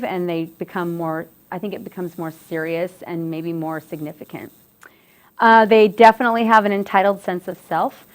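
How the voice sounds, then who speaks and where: A woman giving an educational talk to students about warning signs in relationships, speaking conversationally and often repeating or restarting phrases. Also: mid-range voice. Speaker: presenter on dating violence.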